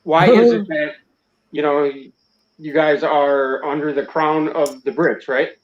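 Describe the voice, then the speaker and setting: American man on a dull lo-fi line. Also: a little high. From United States. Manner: chatty, halting with many fillers. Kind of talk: casual group voice chat. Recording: dull lo-fi online audio.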